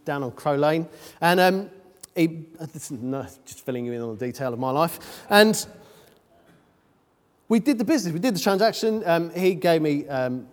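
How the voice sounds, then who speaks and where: A preacher gives a relaxed, conversational sermon packed with ums and jokes at his own expense. His voice is fairly high for a man and moves widely in pitch, ringing out with the long reverb of a large hall.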